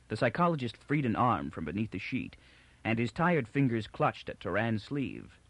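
Expressive male audiobook narrator, measured, dry booth sound. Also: mid-range voice, no echo. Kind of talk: scripted narration.

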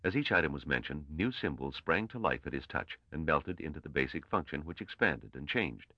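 A man narrating an audiobook in a measured, expressive storytelling manner. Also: rumbling low, dry recording, lo-fi sound. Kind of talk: scripted narration.

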